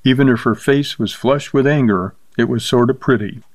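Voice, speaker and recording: Man, story narration, steady reading, medium pitch, dry booth. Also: moderate pace, no echo.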